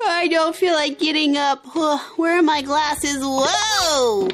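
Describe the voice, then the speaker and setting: A woman voicing a moody teenage girl with an inner red panda in toy pretend play, swinging between whiny outbursts and forced calm. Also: high voice, slow pace. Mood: grumpy.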